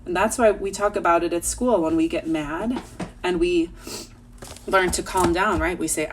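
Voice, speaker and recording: A young woman teacher reading aloud and talking gently to young children at home. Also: on the low side, normal speed, background noise.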